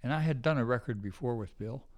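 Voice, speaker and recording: An older man with a mid-range voice talks fast as a guest musician in a casual storytelling interview. He rambles through anecdotes, frequently acting out the voices of the people he quotes.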